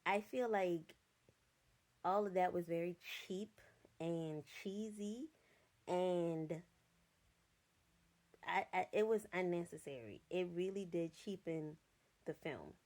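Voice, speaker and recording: Slow-talking blunt young woman reviewer. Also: on the low side, a little mellow. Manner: blunt, profane, exasperated. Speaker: film reviewer. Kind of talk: casual spoken review reading from notes.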